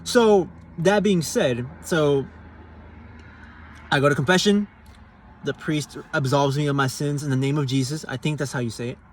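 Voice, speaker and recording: A man's voice: on the high side, normal speed, a little hiss or hum. Earnest young-sounding man telling a story. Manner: conversational and earnest, casual slang, frequent fillers and restarts. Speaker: Catholic giving a personal testimony. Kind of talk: casual spoken testimony.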